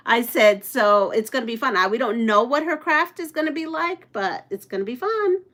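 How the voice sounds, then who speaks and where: A woman's voice: on the high side, animated, normal speed, fairly bright tone. A middle-aged woman hosting a quilting channel, chatting casually at home while sewing and reading viewer comments aloud.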